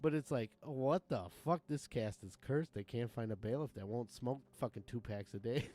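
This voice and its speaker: A man's voice: medium pitch, measured pace, dark tone. Profane, rambling male streamer. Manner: rambling, profane, chuckling often. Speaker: game streamer. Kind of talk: casual live-stream chat. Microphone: desk mic.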